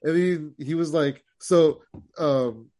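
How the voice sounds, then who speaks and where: A man's voice: a little high, takes it slowly, a crowd in the background. A man co-hosting a podcast, telling stories in casual chat and swearing freely. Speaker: podcast co-host.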